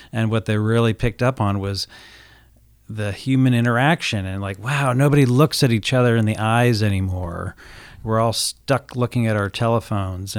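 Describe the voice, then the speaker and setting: A man's voice: fairly low pitch, clean tone, dry recording. A man appearing as a guest author on a radio show, telling a story earnestly with many fillers, on a studio microphone. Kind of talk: radio interview.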